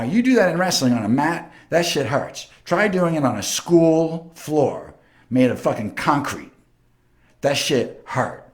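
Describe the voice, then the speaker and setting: Profane, boastful New York man. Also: mid-range voice. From Long Island, New York. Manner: animated, boastful, heavily profane. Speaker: host. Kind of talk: casual storytelling.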